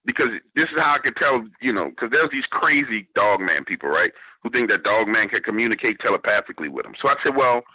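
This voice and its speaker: A man's voice: lowish voice, expressive, fast talker, bright, forceful tone, slightly rough, no echo, highs cut off. A man from New Orleans with a Southern accent, telling a story on a radio show and quoting what others said to him. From New Orleans, Louisiana, US. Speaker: guest storyteller.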